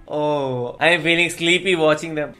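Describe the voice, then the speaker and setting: Unhurried woman reacting to a film. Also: sits low, big pitch swings, fairly bright tone, soft background music. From India. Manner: chatty, laughs often, exclaims at the screen. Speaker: movie reactor. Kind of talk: casual reaction chat.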